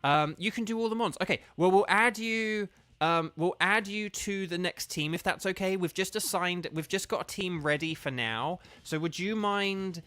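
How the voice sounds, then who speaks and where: A man's voice: high-pitched, normal speed, pushed and bright, clean tone. A young man hosting a casual livestream, chatting in a friendly way with his viewers and full of fillers and restarts. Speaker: streamer and voice actor. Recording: faint game music behind.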